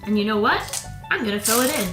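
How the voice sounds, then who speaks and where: A young woman hosting a children's toy-play video, talking to the viewer in a playful, gentle way at home. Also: medium pitch, animated, fast. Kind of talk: toy play demonstration for kids. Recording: roomy with background music.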